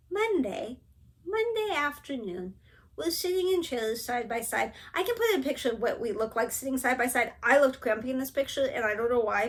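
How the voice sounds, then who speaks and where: A middle-aged woman with a fairly high voice tells a personal story to her viewers. She is chatty and animated, and she acts out the people she quotes along the way. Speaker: cross-stitch vlogger. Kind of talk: casual storytelling vlog.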